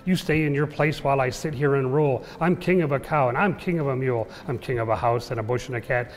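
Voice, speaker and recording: A man's voice: mid-range voice, normal speed, a little mellow, a little hiss or hum, lightly acted. A man voicing a boastful, bossy male turtle king, bellowing orders while reading a children's book aloud in an echoey room. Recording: echoey room with long reverb.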